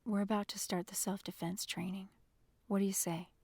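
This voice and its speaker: A woman reading the part of a gentle, encouraging young man in an audiobook, speaking softly and reassuringly. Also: mid-range voice, level tone, moderate pace, vocal fry, husky, dry recording. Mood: coaxing. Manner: soft, hushed and reassuring.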